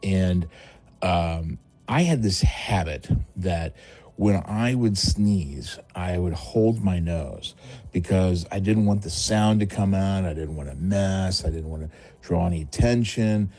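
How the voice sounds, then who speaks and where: A man's voice: low voice, slow pace, dark tone. A middle-aged man tells a rambling, self-mocking story full of fillers, as a caller to a radio show. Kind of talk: casual phoned-in anecdote.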